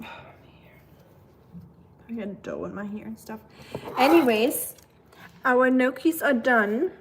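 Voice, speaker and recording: A woman hosting a casual live cooking stream, chatting with viewers in a relaxed way. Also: fairly high pitch, slight background noise. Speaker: livestream cooking host.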